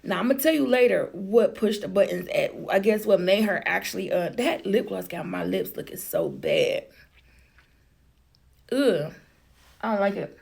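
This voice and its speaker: A woman's voice: mid-range voice, expressive, a little slow, vocal fry, darkish tone, slightly rough. A woman vlogger telling a personal story to the camera in a blunt, chatty, profane way.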